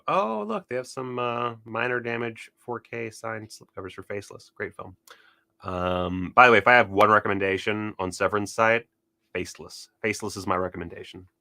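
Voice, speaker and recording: Excitable, profane man with a bright voice. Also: fairly low pitch, no room sound. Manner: excitable, profane, rambling, loses his train of thought. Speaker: cult film video host. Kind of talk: casual unscripted browsing commentary.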